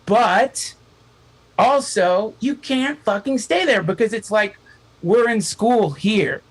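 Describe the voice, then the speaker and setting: A man, a podcast guest, telling a long story in casual chat, animated and profane, acting out the voices of the people in it. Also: high-pitched, takes it slowly, rough recording.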